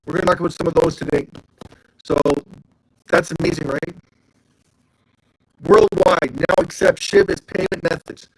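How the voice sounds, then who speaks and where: A man's voice: on the high side, steady tone, normal speed, creaky, long pauses, dry recording, rough recording. A man hosting a casual livestream, chatting loosely and greeting viewers by name. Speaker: livestream host.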